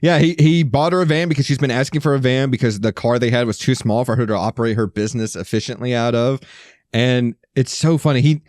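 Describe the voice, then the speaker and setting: A man's voice: medium pitch, fairly even intonation, fast, a little mellow, dry recording, clean studio sound. A man co-hosting a podcast, casually recapping film scenes and laughing often. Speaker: podcast co-host.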